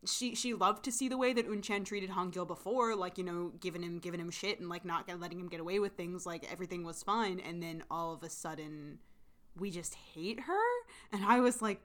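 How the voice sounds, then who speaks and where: Woman talking fast and loose, laughs a lot, casual recap chat. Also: lowish voice. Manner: animated, laughs often, rambling with fillers. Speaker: podcast co-host.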